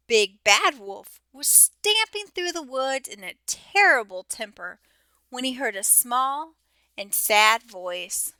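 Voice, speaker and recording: A teacher reading a children's storybook aloud, slowly and expressively. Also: female voice, fairly high pitch, expressive, sharp tone, smooth, dry recording.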